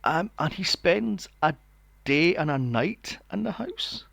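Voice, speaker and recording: A man's voice: fairly high pitch, expressive, slow, creaky, a bit bright, no echo. A man in his forties, co-hosting a podcast, ranting sarcastically and swearing while reviewing a movie. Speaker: podcast co-host. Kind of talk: casual movie review chat.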